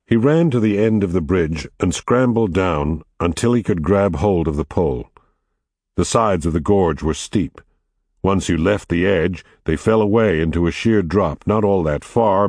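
A man narrating an audiobook in a measured, steady, quietly dramatic way. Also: low voice, dry recording, studio quality.

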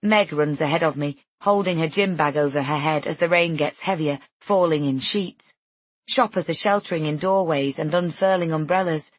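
A woman narrating a first-person novel in a measured, intimate way. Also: low-pitched, no room sound. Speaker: audiobook narrator.

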